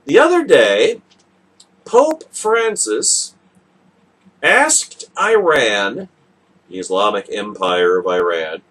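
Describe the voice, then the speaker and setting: A male radio host drawls through a sarcastic political monologue at an unhurried pace. His voice is husky and sits a little high, and it swings widely in pitch as he mocks his targets. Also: sing-song, fairly bright tone. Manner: sarcastic, mocking.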